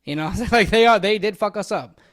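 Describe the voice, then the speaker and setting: Speaking a little fast in a high voice, an American reaction-video host gives blunt, opinionated commentary that rambles and often restarts. The recording is very noisy.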